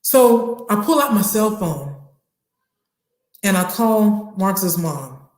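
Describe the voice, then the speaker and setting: A woman's voice: mid-range voice, takes it slowly, echoey room. A woman telling a personal story from her time as a teacher and coach, acting out the dialogue as she goes. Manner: animated retelling with acted dialogue.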